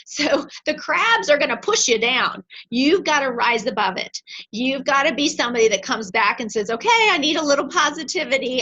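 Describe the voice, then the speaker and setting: A middle-aged woman teaches a sales class with sharp, bright energy, her voice sitting a little high. She leans hard on key points and acts out the phone calls she wants her students to make. The recording is dull and lo-fi. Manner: energetic, emphatic, dramatizes phone scripts. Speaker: direct-sales trainer. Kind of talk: motivational training class.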